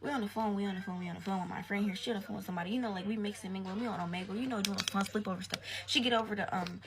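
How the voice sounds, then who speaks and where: A young woman tells a casual storytime in slangy, cursing talk, now and then sinking to a whisper. Clear clicking noise runs behind her voice. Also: mid-range voice, steady tone, rapid-fire. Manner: slangy and profane, drops to a whisper at times.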